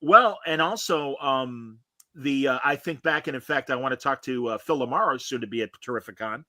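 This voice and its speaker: Bright-voiced opinionated male host. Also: medium pitch, moderate pace, dry recording. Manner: opinionated and rambling, with many fillers. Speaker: podcast host. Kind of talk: casual review chat.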